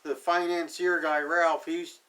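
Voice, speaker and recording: A man's voice: on the high side, little pitch movement, measured pace, a bit bright. Sarcastic man recapping, mic at a distance. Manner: sarcastic, paraphrases characters offhandedly. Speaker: TV episode reviewer. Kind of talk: casual episode recap.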